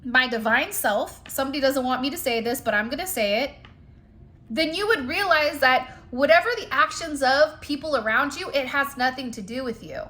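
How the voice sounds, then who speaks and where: A woman's voice: sits high, normal speed, pushed and bright. A woman who reads cards for spiritual guidance. She talks straight to her viewers in a chatty, emphatic way and keeps dropping in "like" and "you know.". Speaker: spiritual card reader. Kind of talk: direct-to-camera spiritual reading.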